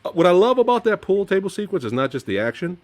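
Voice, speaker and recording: A man hosting a casual movie-review chat, animated and laughing often, his voice dropping low at the end of phrases. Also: fast talker. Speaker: podcast host.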